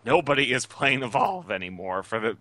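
A man's voice: mid-range voice, very animated, fairly quick, sharp tone, dry recording. A man co-hosting a casual gaming podcast, wry and matter-of-fact. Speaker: podcast co-host.

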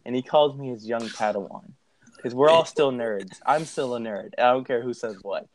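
A young man telling a story in a casual, animated way, swearing and laughing as he goes. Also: mid-range voice, normal speed.

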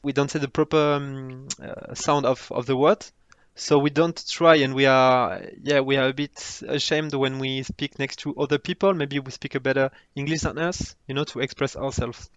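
A man from France with a French accent, chatting casually on a podcast with halting restarts. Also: mid-range voice, fairly even intonation, clean tone, no room sound, lo-fi sound. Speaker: podcast co-host. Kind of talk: casual chat.

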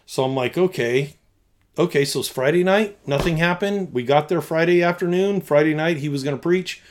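A man with a somewhat raised voice tells a story in conversation, as a youth pastor. He acts out his own past thoughts and lines. His delivery is animated, going from loud bursts down to near-hushed tones. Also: on the high side, moderate pace, a little hiss or hum.

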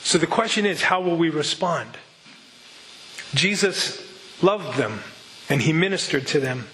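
A man's voice: fairly high pitch, animated, measured pace, fairly bright tone, slight background noise, rough recording. A male pastor preaching a sermon, telling the story earnestly and asking rhetorical questions.

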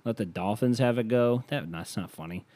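A man's voice: fairly low pitch, moderate pace, warm tone, no echo. A man hosting a podcast, chatting sarcastically about the news and swearing casually, then doing a playful sponsor read. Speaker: podcast host.

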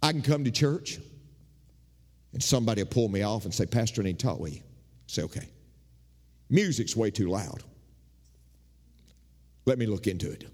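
A man preaching as pastor in a church, animated and rising in pitch as he drives his points home. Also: normal speed, long pauses, big-room sound. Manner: animated preaching, mimics congregants with shifting pitch. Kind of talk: sermon. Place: church sanctuary.

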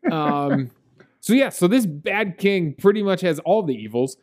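A man's voice: high voice, lively intonation, a little slow, darkish tone. A man co-hosting a podcast, chatting casually about a movie with lots of fillers and laughs. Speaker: podcast co-host. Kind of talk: casual movie review chat.

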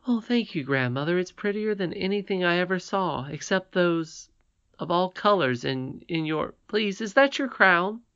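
A man voicing an eager little princess girl in an audiobook, high, breathless and excited. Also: moderate pace, clean tone, muffled recording. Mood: delighted. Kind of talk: audiobook character reading.

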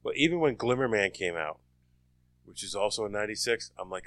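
Bright-voiced man in halting casual chat. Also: lowish voice, expressive, dry recording. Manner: halting, repeats words as he recalls details.

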